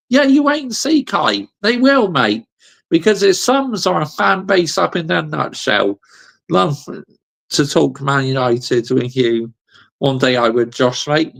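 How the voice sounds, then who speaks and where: A man's voice: fairly high pitch, animated, takes it slowly, gravelly, fairly bright tone. A man hosting a football channel, ranting heatedly in a live reaction stream, swearing and breaking into laughter as he reads chat.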